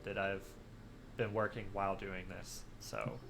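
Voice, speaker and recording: A man's voice: low voice, flat delivery, unhurried, vocal fry, noisy background. A man hosting a casual gaming podcast, chatty and teasing, laughing often. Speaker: podcast host. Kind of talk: casual chat.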